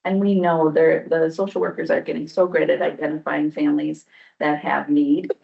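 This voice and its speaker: A woman presents figures to a public board, explaining patiently and dotting her sentences with "um." Her voice has a gravelly fry at the edges. It sounds like a dull, lo-fi meeting-room recording. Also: low voice, flat delivery, moderate pace. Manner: explanatory, frequent "um" fillers. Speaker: county program presenter.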